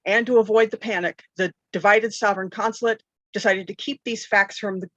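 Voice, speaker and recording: A woman game master narrating a tabletop game with dramatic storytelling, often clearing her throat and correcting herself. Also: medium pitch, steady tone, brisk, fairly bright tone, dry recording, lo-fi sound.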